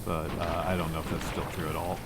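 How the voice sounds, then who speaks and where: A man's voice: low voice, flat delivery, fast, heavy background noise. An American man chatting casually with viewers on a stream, rambling and self-deprecating, with many restarts. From United States. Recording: music playing behind the voice. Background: music.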